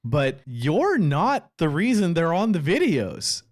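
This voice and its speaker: Animated, ranting podcast co-host man. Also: on the high side, slow pace. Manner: animated, ranting, laughs often. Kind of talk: casual comedy podcast chat.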